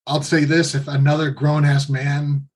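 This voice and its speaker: Blunt husky-voiced man, fairly high pitch. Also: little pitch movement, moderate pace. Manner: blunt, swears freely, earnest. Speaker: podcast guest. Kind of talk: candid podcast conversation.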